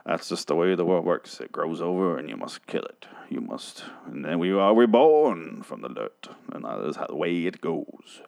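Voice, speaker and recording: A man doing a deep, slow, solemn impression of a wise old king speaking in grand pronouncements. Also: big pitch swings, gravelly, darkish tone, heavily acted. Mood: grave. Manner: slow, grave, overly poetic.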